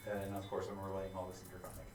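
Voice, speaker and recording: Man, tabletop player, lowish voice, stammers, roomy far-off sound. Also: completely flat delivery, racing, background noise. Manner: stammering, polite in character. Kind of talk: tabletop role-play. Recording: echoey room, far from the mic, music behind.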